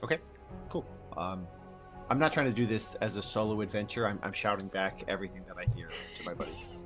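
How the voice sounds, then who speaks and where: Low-voiced hesitant man playing a tabletop game. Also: fairly quick, over music. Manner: thoughtful, hesitant, many fillers. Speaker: player.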